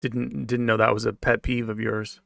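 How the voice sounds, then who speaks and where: Gravelly, sarcastic streamer guy. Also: medium pitch, level tone, normal speed, a bit bright, dry recording, clean studio sound. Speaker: livestreamer. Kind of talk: casual livestream chat. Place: basement apartment at home.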